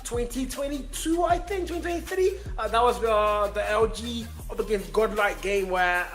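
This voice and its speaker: A man casting a live esports match from Nairobi, chatty and excitable, often laughing. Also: high-pitched, moderate pace, faint music behind. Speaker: esports caster. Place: Nairobi, Kenya.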